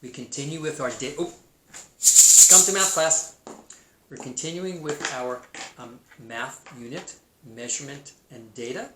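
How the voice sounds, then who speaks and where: A male teacher giving a recorded math lesson to young children, speaking slowly and sounding out names syllable by syllable. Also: mid-range voice. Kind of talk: kindergarten math video lesson. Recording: echoey room, faint noise.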